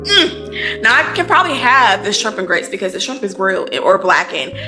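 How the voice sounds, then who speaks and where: A woman's voice: mid-range voice, sing-song, brisk, music in the background. A woman chatting casually to camera as a book vlogger, playful and talkative, calling listeners honey and baby.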